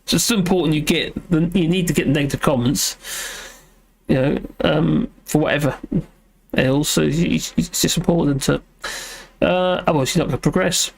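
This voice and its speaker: Man with a fairly high voice, hosting a live chat from home; rambly, self-deprecating, lots of ums. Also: moderate pace, vocal fry, husky. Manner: rambling, self-deprecating, many fillers and restarts. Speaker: livestream host reading chat.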